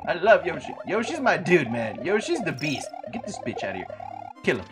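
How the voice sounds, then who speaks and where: A man streaming a game with a wildly animated voice that swings into loud, high yelps, cursing at the game and greeting viewers by name. His talk is casual and full of trash talk. Faint music plays underneath. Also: normal speed. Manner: loud sudden outbursts jumping high in pitch. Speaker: livestreamer. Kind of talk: casual gaming livestream commentary.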